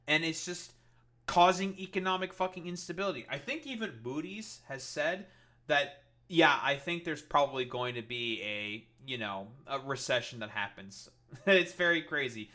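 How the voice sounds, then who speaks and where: A man's voice: on the high side, pushed and bright. Profane, exasperated male commentator. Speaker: political commentator streamer. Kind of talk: reaction commentary.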